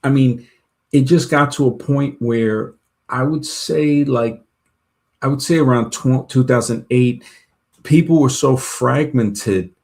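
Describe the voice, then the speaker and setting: A man's voice: mid-range voice, slow, a little mellow. A man telling long personal stories in a casual chat, rambling with many restarts and retold dialogue. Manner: rambling, full of restarts and "she goes" retellings.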